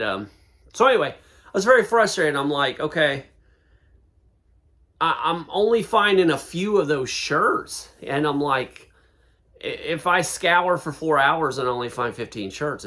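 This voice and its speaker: Guy rambling on his home vlog, lots of ums and uhs, average pitch. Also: pushed and bright. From Florida. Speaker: eBay reseller vlogger. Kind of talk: casual vlog talk. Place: home room with a neon sign.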